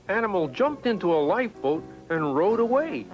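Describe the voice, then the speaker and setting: A man narrating a children's storybook in an expressive, scripted read-aloud style. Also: high voice, moderate pace, hardly any pauses, faint music behind, rough recording.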